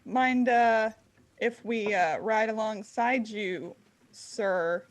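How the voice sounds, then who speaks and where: Give me a slow, playful woman tabletop player with a slightly high voice. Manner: playful, deadpan jokes, unhurried. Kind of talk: casual play with friends.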